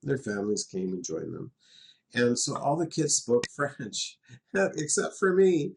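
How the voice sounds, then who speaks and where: A man's voice: medium pitch, very animated, unhurried, vocal fry. A middle-aged man from western Canada teaching a class, patient and chatty, laughing now and then as he explains. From Canada, West Coast. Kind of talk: classroom lesson in a virtual world.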